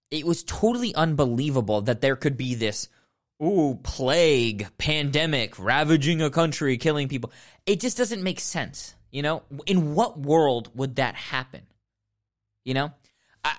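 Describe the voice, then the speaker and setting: A podcast host ranking films delivers a mock-serious, sarcastic comedic rant that rambles and erupts into sudden outbursts. His voice is medium-pitched and a bit bright.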